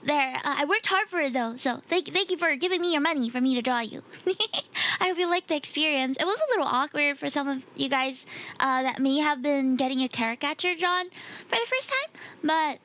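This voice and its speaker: Giggly high-voiced woman streamer. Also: brisk. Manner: giggly and animated, talks to chat. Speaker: VTuber streamer. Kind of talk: casual livestream chat.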